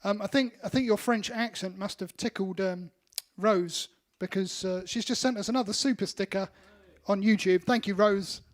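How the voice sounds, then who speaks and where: High-voiced bandmate reading comments. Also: male voice, normal speed. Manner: helpful, clarifying, reads out viewer comments. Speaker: band member co-hosting. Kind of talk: casual chat.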